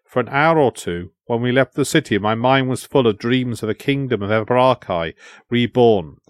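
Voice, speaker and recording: A man voicing a calm, reflective companion in an audiobook, speaking earnestly and evenly. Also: medium pitch, moderate pace, dry recording, studio quality, natural voice. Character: thoughtful male Welsh companion, calm and earnest.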